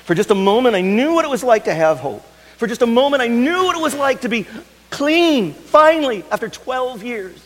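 A man preacher voicing a frightened, ashamed woman healed after years of illness, pleading in a voice that rises to a desperate high cry. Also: animated, normal speed, a bit bright, in a large hall, heavily acted.

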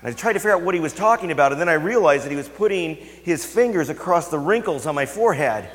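A man preaching a sermon as a pastor, telling a family story and dropping to hushed, intimate tones for emphasis. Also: a little high, expressive, fast. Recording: long hall reverb.

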